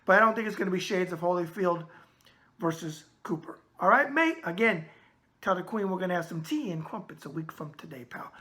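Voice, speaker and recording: A brash man in his sixties with a thick New York accent, hosting a boxing show and answering viewer mail. His voice is bright and forceful, with a streetwise swagger and plenty of catchphrases. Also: high voice, animated, fairly quick. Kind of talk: casual chat answering viewer emails.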